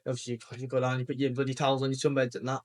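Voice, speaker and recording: A man's voice: medium pitch, completely flat delivery, very fast. A young man telling casual anecdotes in podcast chat, with the odd swear.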